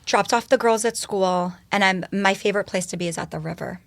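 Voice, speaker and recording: A woman talking as a podcast guest, telling her story in an animated, expressive way and swearing casually. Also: medium pitch, brisk, gravelly. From United States.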